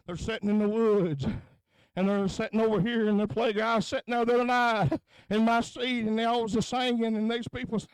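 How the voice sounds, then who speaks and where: A man's voice: high-pitched, level tone, fairly quick, clean tone, no room sound, poor audio. A man preaching at a tent revival into a handheld microphone, punctuating his phrases with a chanted "huh?" as he builds intensity. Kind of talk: revival sermon.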